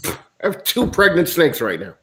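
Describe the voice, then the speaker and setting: A man's voice: a little high, very animated, normal speed, fairly bright tone. A man from the United States, a guest in a casual chat, talking bluntly with lots of swearing and ranting.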